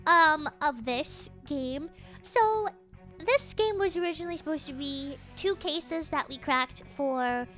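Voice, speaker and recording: A woman's voice: high voice, bright, forceful tone. A young woman streaming a game, chatting with her viewers in a bubbly, giggly way and greeting them again and again. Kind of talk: live game stream chat.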